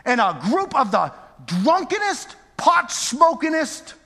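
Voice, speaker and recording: A male preacher with a high, bright voice delivers a storytelling sermon. He drops into quiet asides and then climbs back up to near-shouting. The sound carries the long echo of a large church hall. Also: very animated, slow pace.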